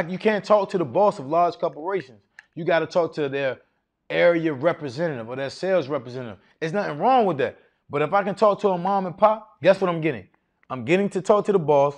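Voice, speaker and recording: A middle-aged man, giving a live seminar talk and quizzing his audience with questions in an animated, preacherly way. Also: a little high. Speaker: masterclass speaker on federal contracting.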